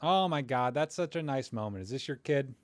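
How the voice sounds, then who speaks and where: A man's voice: medium pitch, animated, fairly quick, no room sound. A man hosting a live stream where he critiques viewers' photos, talking casually in a rambling, friendly, self-deprecating way with lots of fillers. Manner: friendly, encouraging toward viewers.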